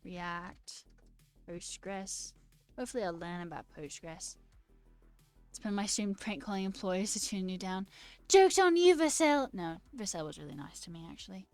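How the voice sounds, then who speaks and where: A woman's voice: lowish voice, unhurried, soft background music. Chatty woman streamer answering chat. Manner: chatty, laughs often, answers chat questions. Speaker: livestreamer and new software engineer. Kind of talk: casual livestream chat, reading chat aloud.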